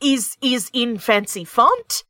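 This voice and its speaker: Woman doing a gruff Russian-accented brawler. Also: on the high side, very animated, takes it slowly, pushed and bright, no echo, studio quality, heavily acted. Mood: blunt. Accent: put-on Russian. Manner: clipped broken phrasing, dropped articles. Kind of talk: tabletop role-play.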